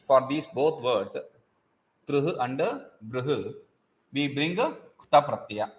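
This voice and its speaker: Male teacher, patient lecturing, repeats terms, checks in often, mid pitch. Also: expressive, slow. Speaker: Sanskrit grammar teacher. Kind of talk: explanatory lecture.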